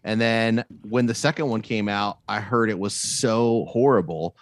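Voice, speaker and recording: A man's voice: lowish voice, a little slow, no room sound. A man co-hosting a casual podcast chat, talking in a laid-back, shrugging way. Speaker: podcast co-host.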